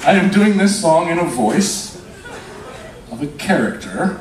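Wry, slow-talking male musician on stage. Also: fairly high pitch, very animated, a crowd in the background, background noise. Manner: dry, wry, deliberate with many uh fillers. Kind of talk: live stage banter. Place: live show on a cruise ship. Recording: echoey live room, distant mic.

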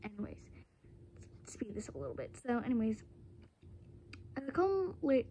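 Teen girl, rambling storytime, lots of fillers, phone camera, mellow tone. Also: a little high, big pitch swings, moderate pace, slight background noise. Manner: rambling, filler-heavy, restarts often. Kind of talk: casual storytime vlog.

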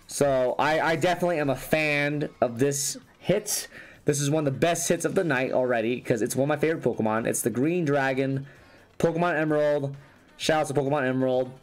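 Man with a strained, fading voice. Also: a little high. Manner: rambling, restarts sentences. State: losing his voice. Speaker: YouTuber opening trading cards. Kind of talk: casual card-opening commentary. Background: faint background music.

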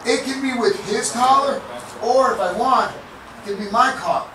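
A man's voice: extremely high pitch, moderate pace. A man teaching a jiu-jitsu seminar in a loose, profane, casual way, acting out moves and sound effects as he goes. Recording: echoey room from far off, with noise.

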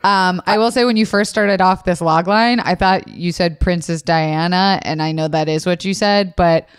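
A woman's voice: lowish voice, fairly even intonation, moderate pace, clear, resonant tone, no room sound, studio quality. A woman co-hosting a comedy podcast in casual chat, brash and teasing with crude jokes. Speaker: podcast co-host.

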